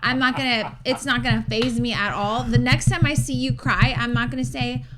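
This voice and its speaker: Femme animée à la voix assez aiguë. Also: female voice, a little high, moderate pace, over a noisy crowd. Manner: animated, defensive, swearing freely. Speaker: podcast co-host. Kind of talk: casual chat.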